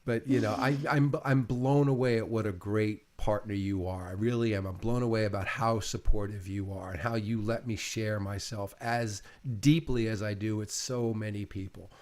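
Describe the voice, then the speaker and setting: A man's voice: fairly low pitch, steady tone, moderate pace, hardly any pauses, a little mellow. A middle-aged man in an intimate casual chat with his partner, rambling and repeating words, often emotional. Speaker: host interviewing his partner.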